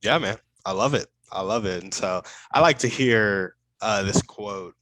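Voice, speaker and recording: Man, podcast host, upbeat, affirming, lowish voice, dry recording. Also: measured pace, a bit bright, no echo, rough recording. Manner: upbeat, affirming, asks long questions. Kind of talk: casual interview chat.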